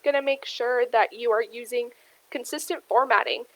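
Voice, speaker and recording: Her voice is on the high side with a fairly bright tone as this young adult career workshop presenter explains at a moderate pace. She often says um, calls listeners "you guys," and the recording is rough.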